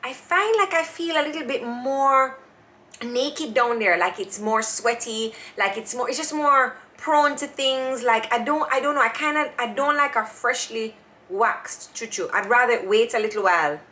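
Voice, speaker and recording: A woman co-hosting a casual chat show, playful and quick to laugh, often repeating herself. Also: fairly high pitch, bright, forceful tone. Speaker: co-host.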